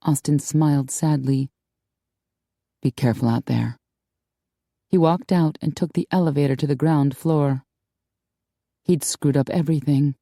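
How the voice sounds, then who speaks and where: Woman, audiobook narrator, calm, measured, low voice, mellow, dry close studio sound. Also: no echo. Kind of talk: scripted narration.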